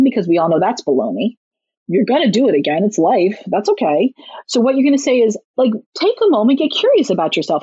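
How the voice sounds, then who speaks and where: Parenting author, woman, husky lo-fi voice, energetic, acts out dialogue. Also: on the high side, brisk, no echo. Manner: lively, animated, acts out quoted lines. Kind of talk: casual advice talk. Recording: dull lo-fi, dry sound.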